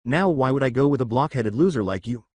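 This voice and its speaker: A man's voice: mid-range voice, animated, fast, darkish tone, no room sound, lightly acted. A man reading a snappy girl ninja. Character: bossy hot-tempered girl ninja.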